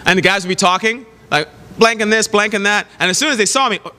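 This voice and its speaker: A man preaching a sermon, telling lively stories with laughs and exclamations. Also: high voice, quick pace. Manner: animated storytelling with laughs and exclamations. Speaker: pastor. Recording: long hall reverb, faint noise.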